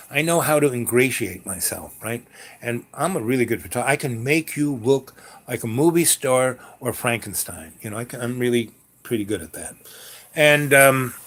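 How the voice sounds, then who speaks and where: A man's voice: mid-range voice, fairly bright tone. An older man telling a personal story in a casual, rambling way, full of fillers and restarts. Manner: rambling, frequent fillers and self-corrections.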